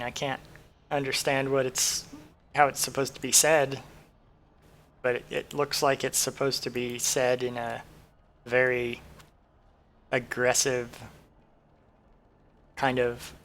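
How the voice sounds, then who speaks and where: Gravelly man mumbling through a game. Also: mid-range voice, slow, pauses often, fairly bright tone. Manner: rambling, self-deprecating, thinking aloud. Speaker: streamer. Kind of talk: casual gameplay commentary.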